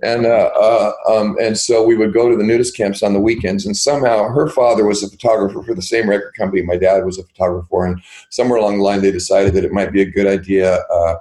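An older man with a rather low voice tells his life story as an interview guest. He rambles and restarts, filling pauses with ums and uhs. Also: steady tone, mellow, low-quality recording. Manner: rambling, halting, with many fillers and restarts.

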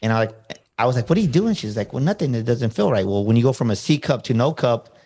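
A man's voice: mid-range voice, quick pace, slightly rough. A man being interviewed as a motivational speaker, telling a personal story in a casual way and acting out what people said. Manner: animated, acts out quoted dialogue.

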